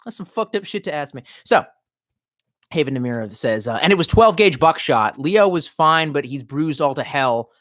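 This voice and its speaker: Casual male streamer, profane and meandering, very lively pitch. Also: moderate pace. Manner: profane, rambling, tipsy with vodka. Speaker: streamer reading live chat. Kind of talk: casual rambling livestream chat.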